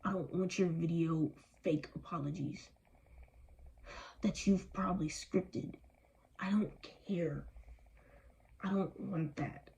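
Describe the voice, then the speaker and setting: A woman's voice: on the low side, fairly even intonation, measured pace, creaky, dark tone, low-quality recording. A young adult woman vlogging with anger and weariness, speaking emphatically with strong language. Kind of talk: impassioned personal vlog.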